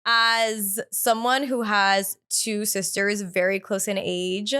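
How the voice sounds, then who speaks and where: A woman hosts her own podcast in relaxed, candid chat. Her voice is smooth and clear, with a mid-range pitch. She swears freely and scatters "like" through her sentences. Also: slow pace. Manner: chatty and candid, swears freely, many "like" fillers. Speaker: podcast host. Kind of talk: casual solo podcast chat.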